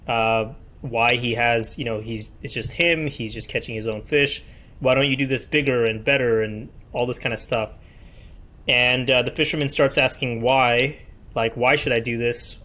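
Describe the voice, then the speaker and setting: A man's voice: medium pitch, fairly even intonation, moderate pace, pushed and bright. A man hosting an interview podcast, talking in a loose, hesitant way. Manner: loose and hesitant, many ums and uhs. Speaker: podcast host. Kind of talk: casual interview chat.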